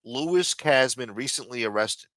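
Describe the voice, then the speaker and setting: A man's voice: mid-range voice, animated, moderate pace, a bit bright, dry recording, studio quality. A man hosting a live commentary stream, sarcastic, profane and mocking as he talks. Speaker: livestream host.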